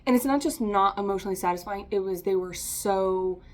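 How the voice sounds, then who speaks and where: A woman's voice: medium pitch, brisk. A woman giving a casual, chatty tarot reading to camera, encouraging and often laughing. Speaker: tarot reader.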